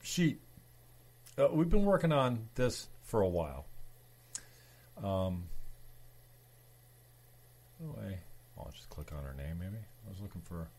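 A man's voice: low voice, big pitch swings, takes it slowly, long pauses, a little mellow, a little hiss or hum. A male host rambling and cursing as he talks on his own show. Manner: rambling, profane. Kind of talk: casual solo show chat.

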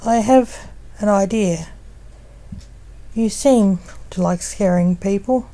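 A woman's voice: mid-range voice, slow pace, dark tone. A woman voicing a stern, bossy male grim reaper who leads the others, in a scolding, dry manner.

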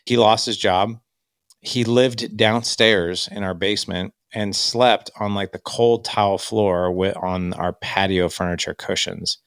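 A man's voice: on the low side, fairly even intonation, a little slow, a bit bright, smooth, no echo, studio quality. A man, candidly telling his life story in a reflective way. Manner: candid, reflective, quotes himself and others. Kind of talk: personal storytelling.

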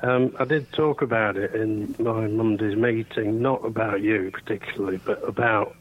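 Low-voiced, hesitant, reflective man. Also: steady tone, dull audio. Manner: reflective, hesitant, many fillers and pauses. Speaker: radio co-host. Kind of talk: casual radio chat.

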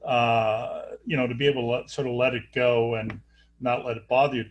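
Host guy talking slow and thoughtful, lots of uhs and you knows. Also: mid-range voice, steady tone. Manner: thoughtful, hesitant with fillers. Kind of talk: casual conversation.

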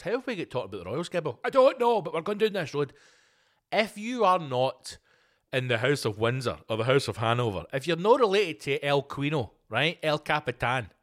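On his solo podcast, the host rants sarcastically and swears heavily, swinging from loud outbursts to quiet, muttered asides.

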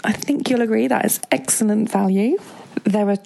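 A woman's voice: a little high, normal speed, vocal fry, dark tone, poor audio. A woman giving an enthusiastic, chatty, rambling review of a comedy episode. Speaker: contributor sending in an episode review. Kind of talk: recorded podcast review segment.

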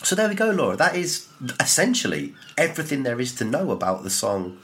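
A young man co-hosting a podcast in casual chat, telling a story with animated, mocking energy. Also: mid-range voice, fairly quick. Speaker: podcast co-host.

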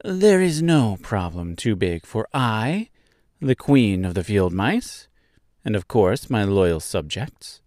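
A man voicing a tiny, proud female mouse queen in an audiobook, with a high, squeaky voice and grand, formal phrasing. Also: big pitch swings, slow pace, a little mellow, no room sound, studio quality. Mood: haughty. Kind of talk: audiobook character voice.

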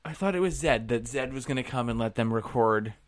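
Animated guy chatting on a podcast. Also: mid-range voice, a little fast. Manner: chatty, swearing, lots of fillers and jokes. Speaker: podcast co-host. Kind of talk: casual chat about a TV episode.

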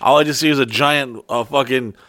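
A man's voice: mid-range voice, a little fast, no room sound, studio quality. Profane rambling middle-aged man. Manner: profane, rambling, animated storytelling. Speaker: podcast co-host. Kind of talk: crude casual chat.

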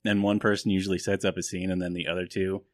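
A man's voice: low voice, little pitch movement, fast talker, no echo, clean studio sound. A man hosting a podcast in casual chat, joking, self-mocking and rambling. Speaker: podcast host.

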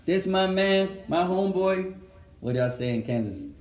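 In an echoey room, an animated Islamic teacher gives a classroom religious lesson, switching between Arabic and English and putting questions to the class. His voice sits high and moves at a normal speed.

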